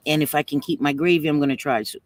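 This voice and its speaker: A woman's voice: low-pitched, fast talker, a little hiss or hum. A woman hosting a casual livestream, chatty and affectionate with viewers, at times fighting back tears. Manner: chatty, calls viewers sweetie pie. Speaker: livestream host.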